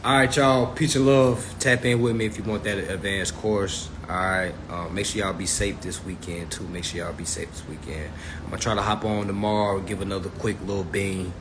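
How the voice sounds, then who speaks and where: A man's voice: deep voice, fairly even intonation, normal speed, background noise. A man hosting a casual livestream, talking straight to his viewers in a loose, swearing manner, recorded on a phone. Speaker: livestream host.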